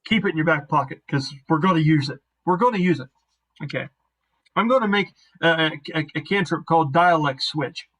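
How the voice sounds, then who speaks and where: A man's voice: a little high, fairly quick, fairly bright tone, rough recording. A man narrating as game master on a voice call, rambling and self-deprecating.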